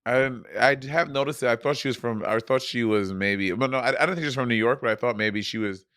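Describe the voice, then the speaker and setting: A man co-hosting a casual recap podcast, playful and teasing with quick reactions. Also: mid-range voice, fairly bright tone, dry recording. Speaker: podcast co-host.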